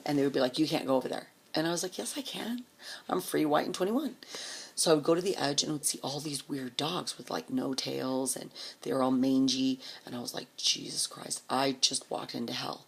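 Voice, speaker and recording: Woman telling her own story, blunt and salty, husky low voice with whispered asides. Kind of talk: casual personal storytelling.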